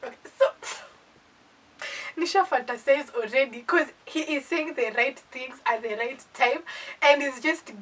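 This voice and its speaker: A woman's voice: sits high, a little slow, recorded from a distance, rough recording. A young Kenyan woman with a Kenyan accent, animatedly telling a playful storytime in a casual chat. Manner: animated, playful, dramatizes with acted asides.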